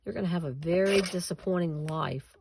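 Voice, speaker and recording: A chatty woman talks viewers through a paper craft project at her home table, her voice sitting a little low. She rambles and laughs at herself between steps. A faint hiss hangs under the recording. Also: a little fast, vocal fry. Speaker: craft tutorial host. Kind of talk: casual crafting tutorial.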